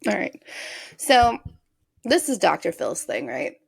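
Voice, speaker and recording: A woman's voice: medium pitch, big pitch swings, unhurried, creaky, slightly rough. A woman co-hosting a podcast in casual chat, incredulous and blunt, swearing freely as she asks pointed questions. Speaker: podcast co-host.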